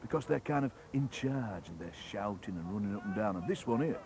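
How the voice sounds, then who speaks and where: A poet chatting in a lively, musing way about how he builds a poem. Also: fairly low pitch, fairly quick, crowd noise. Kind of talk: explaining how he writes a poem. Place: outdoors at a football match.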